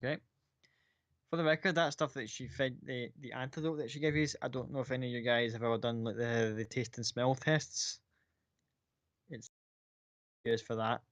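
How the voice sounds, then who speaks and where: A man narrating as game master of a tabletop game, in a relaxed, rambling way full of fillers. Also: medium pitch, moderate pace, long pauses, dry recording. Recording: dull lo-fi mic.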